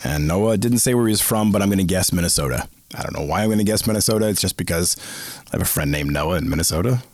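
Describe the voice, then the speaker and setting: A man's voice: low-pitched, quick pace, no room sound. A middle-aged man from the Boston area hosting a casual solo podcast, chatty and prone to self-aware tangents. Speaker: podcast host.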